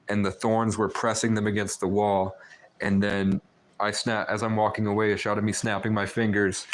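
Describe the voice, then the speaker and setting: A man hosting a live stream, telling a long story in a rambling, talkative way full of fillers. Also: on the low side. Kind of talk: casual storytelling chat.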